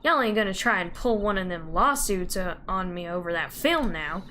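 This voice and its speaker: A woman voicing a loud, combative Southern woman photographer with a put-on drawl, reading game dialogue. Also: mid-range voice, animated, normal speed, slight background noise. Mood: scolding. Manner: loud, scolding, folksy.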